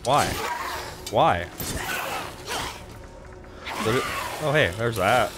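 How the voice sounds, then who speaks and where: A man's voice: mid-range voice, expressive, drawn-out words, loud music behind the voice. A man commentating on his video game playthrough in a casual, profane way, talking to himself as he plays. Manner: casual, profane, talks to himself while playing. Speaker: gaming channel host. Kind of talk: let's play commentary.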